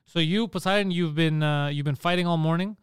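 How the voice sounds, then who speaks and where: A man's voice: a little high, a little fast, smooth, no room sound, studio quality. A man co-hosting a podcast in casual chat, telling stories animatedly and swearing often. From Greek family. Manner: animated storytelling, swears a lot. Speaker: podcast co-host.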